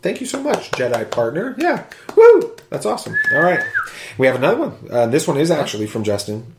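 Male podcast host, mid-pitched, animated reader of fan mail, echoey room. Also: quick pace, heavy background noise. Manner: animated, whoops and jokes while reading aloud. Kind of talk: casual chat, reading listener reviews.

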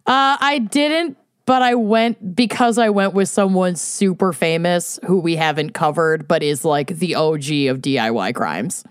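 A woman's voice: on the low side, a little slow, hardly any pauses, clear, resonant tone, no echo, clean studio sound. A woman co-hosting a casual podcast, playful and enthusiastic, with many affirming murmurs. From Minnesota. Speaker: podcast co-host. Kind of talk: casual chat.

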